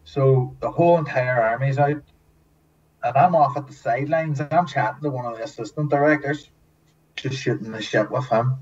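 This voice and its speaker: A man guest telling casual stories in a lively way, swearing often and acting out what others said. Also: mid-range voice, normal speed. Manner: lively storyteller, swears often, acts out quotes. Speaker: guest, former TV extra. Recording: distant mic, dull lo-fi sound, faint hiss.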